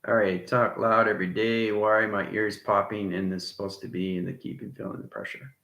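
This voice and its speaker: A man's voice: lowish voice, little pitch movement, a little fast, vocal fry, fairly bright tone, echoey room. A man hosting a livestream, talking in a rambling monologue full of repeated jargon and frequent "right?" checks to his viewers. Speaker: livestream host.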